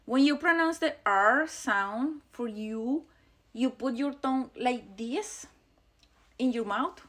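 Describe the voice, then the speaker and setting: A woman teaching Spanish pronunciation, repeating each sound slowly as she demonstrates it. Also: sits high, fairly bright tone. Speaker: language teacher. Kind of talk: pronunciation lesson.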